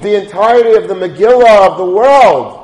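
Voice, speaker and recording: High-voiced man giving a Torah lecture. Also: expressive, normal speed, a little mellow, echoey room, poor audio. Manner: storytelling, rises to chanting Hebrew liturgy. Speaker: rabbi.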